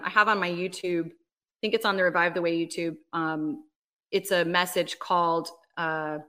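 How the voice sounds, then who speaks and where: A woman with a bright, sharp-edged voice speaks as a guest on a faith podcast. She tells a personal testimony in a lively, animated way, filling her talk with "like" and "right?". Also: on the low side. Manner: animated storyteller, frequent "like" and "right?". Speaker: ministry leader, podcast guest. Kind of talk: casual interview, personal testimony.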